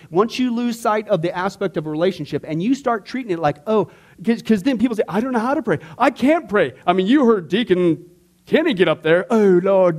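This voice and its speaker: A man's voice: high voice, a little mellow. A middle-aged man teaching a church discipleship class in a casual, conversational way, often checking in with "okay?" and "right?".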